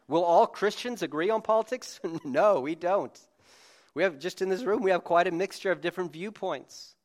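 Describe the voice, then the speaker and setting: In a room with a live congregation, a man speaks in a high-pitched voice at normal speed. He preaches conversationally and informally, often restarting his sentences and wandering into asides.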